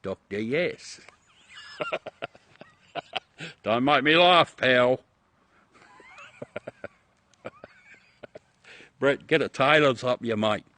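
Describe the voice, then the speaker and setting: Aussie bloke mid-age, joking around live w viewers, laughs a lot, swears a bit. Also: male voice, mid-range voice, expressive, very slow, long pauses, bright, forceful tone, no room sound. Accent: Australian. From Australia. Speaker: livestream host showing the moon through a telescope. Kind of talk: casual live chat with viewers.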